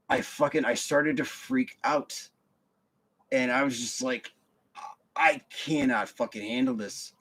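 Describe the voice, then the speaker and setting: A young man with vocal fry and a bright, mid-range voice rants casually about a work incident. The story is profane and meandering, packed with fillers and false starts.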